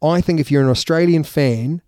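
A man's voice: fairly high pitch, normal speed, warm tone, no echo, clean studio sound. A man, co-hosting a casual rugby podcast with joking, teasing banter. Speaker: podcast co-host. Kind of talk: casual chat.

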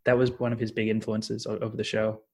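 Casting: knowledgeable man, slightly husky voice, explains trivia in casual chat. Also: fairly low pitch, monotone, fast, darkish tone.

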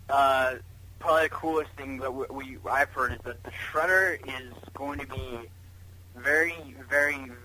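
A man's voice: medium pitch, bright, forceful tone, slight background noise, low-quality recording. A man chatting as a guest on a podcast, rambling with fan enthusiasm and lots of fillers. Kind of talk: casual chat over a call.

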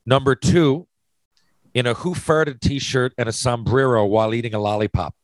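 A man's voice: medium pitch, moderate pace, no echo, poor audio. A man hosting a casual chat, posing hypothetical questions with lots of restarts and swearing. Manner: rambling, restarts, profane. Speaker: podcast host.

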